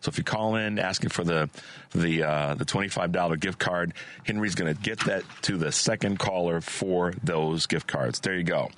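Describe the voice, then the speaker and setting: A man's voice: deep voice, normal speed. A male radio talk show host with a scratchy voice, reading ads and chatting energetically with lots of restarts. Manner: energetic, many restarts and fillers. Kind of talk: casual radio talk and live ad reads.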